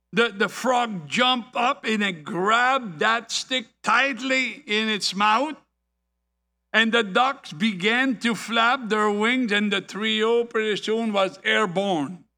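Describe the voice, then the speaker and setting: A man preaching a sermon, deliberate and full of rhetorical questions and anecdotes. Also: high-pitched, sharp tone.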